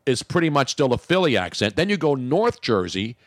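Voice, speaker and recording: A man's voice: medium pitch, very animated, a little fast, dry recording, studio quality. A man hosting a radio talk show, bantering and joking in casual chat.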